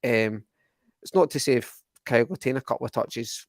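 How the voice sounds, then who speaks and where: A man's voice: medium pitch, fairly quick, no echo, clean studio sound. A Scottish man co-hosting a fan podcast, chatting casually and rambling with lots of restarts. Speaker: podcast co-host. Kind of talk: casual football chat.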